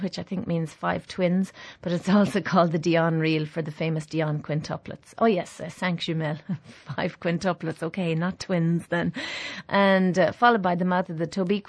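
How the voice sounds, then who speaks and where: A man's voice: sits high, fairly even intonation, moderate pace, no echo. Chatty radio presenter man. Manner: chatty, hesitant, reading listener emails.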